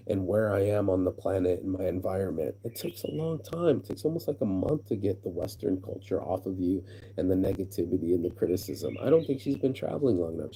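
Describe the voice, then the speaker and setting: A man's voice: low-pitched, dark tone, slight background noise. A man with an American accent ranting casually to camera from a hammock outdoors, profane and rambling, stumbling and repeating words as he gets worked up. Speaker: vlogger.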